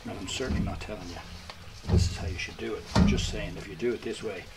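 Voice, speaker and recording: A man's voice: lowish voice, fast talker. Joking man baking, noisy kitchen. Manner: self-mocking, joking asides. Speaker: musician making bread. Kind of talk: casual cooking demonstration. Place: home kitchen. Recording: loud background noise, running water.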